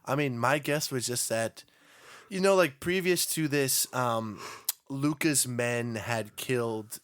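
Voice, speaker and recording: A man's voice: medium pitch, slow pace, fairly bright tone, dry recording. A young man co-hosting a casual podcast chat, easygoing and enthusiastic with slangy talk and lots of fillers. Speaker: podcast co-host.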